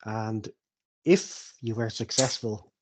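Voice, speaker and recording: A man's voice: lowish voice, slow pace, background noise, voice pushed down. A man playing a shrewd, wealthy male hobbit patron who bargains in a businesslike way in a tabletop game.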